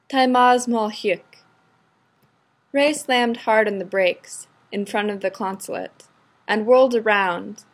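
A woman reading fiction aloud in an even, steady storytelling voice. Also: medium pitch. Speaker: narrator.

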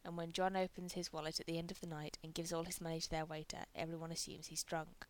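A woman's voice: low voice, level tone, fast. A woman narrating a story aloud, reading with light character voices. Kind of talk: reading fan fiction aloud.

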